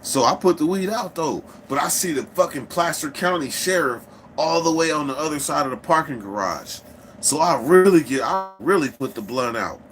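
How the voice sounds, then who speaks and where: A man's voice: a little high, moderate pace, a little hiss or hum. A man casually telling a story, swearing freely and acting out the people in it. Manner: profane, animated, acts out quoted people.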